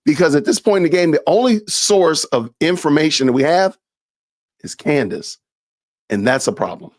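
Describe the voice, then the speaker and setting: A man's voice: fairly high pitch, lively intonation, normal speed, dry recording, studio quality. Laughing, incredulous man reacting. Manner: incredulous, laughing, folksy asides. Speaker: commentary streamer. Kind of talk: casual reaction commentary.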